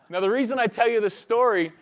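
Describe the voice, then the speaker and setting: A man giving a casual conference talk, chatting with the audience and telling a story. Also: extremely high pitch. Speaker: conference presenter.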